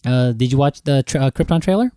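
Animated, swearing podcast man. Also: mid-range voice, fast, smooth, dry recording. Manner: animated, swearing, jokey rants. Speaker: podcast co-host. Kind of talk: casual chat.

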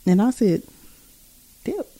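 A woman chats into a podcast microphone and tells a story. She is animated and casual, and laughs easily. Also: fairly high pitch, slow pace.

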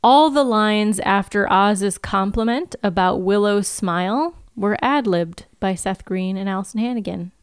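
A woman co-hosting a podcast in relaxed, chatty conversation, with fillers all through her recaps. Her voice is smooth and clear. It sounds dry and close to the mic. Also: medium pitch, measured pace, few pauses, no echo. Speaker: podcast co-host. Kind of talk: casual chat.

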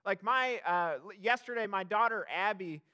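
A man's voice: high-pitched, normal speed, sharp tone, clean tone. A young adult man preaching a sermon as pastor, chatty and self-deprecating, with many fillers and restarts.

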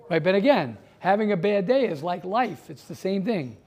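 High-voiced man teaching, full of rhetorical questions. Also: animated, moderate pace, hardly any pauses, a little mellow. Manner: rhetorical questions, repeats himself, grows heated. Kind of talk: classroom talk with students.

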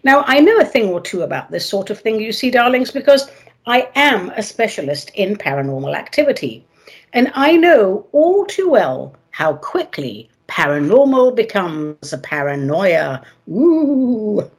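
Husky, theatrical woman radio host. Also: medium pitch, very animated, normal speed. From not from America, moved there. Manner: playful, dramatic, sing-song emphasis. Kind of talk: theatrical solo radio talk.

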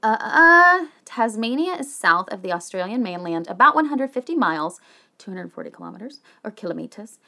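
American woman podcast host, bright and animated, casual swearing asides. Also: medium pitch, fairly quick, gravelly. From United States. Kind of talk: casual chat reading history notes.

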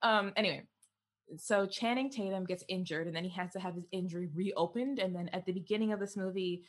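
A young adult woman co-hosting a podcast in casual chat, animated and quick to laugh, with plenty of fillers. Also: mid-range voice. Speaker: podcast co-host.

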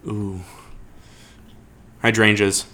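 A man's voice: fairly low pitch, little pitch movement, very slow, bright, forceful tone, slight background noise. A man hosting a casual comedic chat, answering questions with crude jokes and rambling made-up stories. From United States. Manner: crude, riffing, jokey storytelling. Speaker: podcast host.

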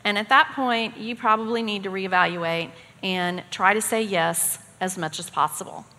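A middle-aged woman co-teaching a parenting class at a church, giving practical advice in a steady, calm way. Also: mid-range voice, normal speed. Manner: steady, practical, gives examples. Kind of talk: calm instructional talk. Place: church hall. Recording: long hall reverb.

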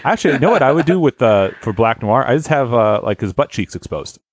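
A man's voice: mid-range voice, quick pace, breathy edge, no echo. A man in his thirties hosting a podcast, chatting casually and joking around. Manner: lively, jokey, laughs easily. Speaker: podcast host. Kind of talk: casual chat.

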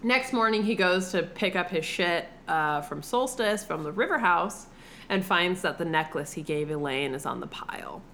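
Brief: woman, bright, profane casual chatter, faint hiss. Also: lowish voice, normal speed. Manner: profane, animated storytelling. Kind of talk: casual chat.

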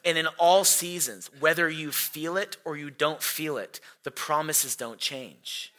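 Animated bright-voiced male pastor. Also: fairly high pitch, unhurried. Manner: animated storytelling, acting out quoted voices loudly. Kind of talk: sermon with personal story.

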